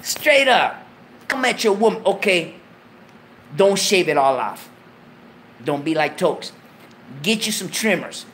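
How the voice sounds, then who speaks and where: A man's voice: high-pitched, animated, slow, long pauses, fairly bright tone, slight background noise. A man hosting a show, giving a profane comic monologue in laid-back street slang, lecturing his viewers. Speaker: show host.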